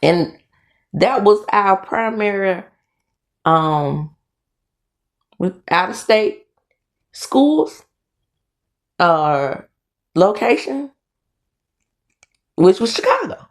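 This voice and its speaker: A woman's voice: medium pitch, drawn-out words, pauses often. A middle-aged woman from the US South with a Southern accent, chatting in a casual commentary vlog, talking through dental aligners, with lots of fillers and restarts. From Mississippi, US South. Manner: animated storytelling with frequent fillers and restarts. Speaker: commentary vlogger.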